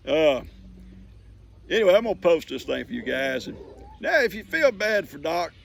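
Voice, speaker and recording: Older man, lively gravelly voice, folksy chuckling story, faint outdoor noise. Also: a little high, unhurried. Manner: chuckling, folksy, talks to his dogs. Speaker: vlogger. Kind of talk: casual storytelling. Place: outdoors on a farm.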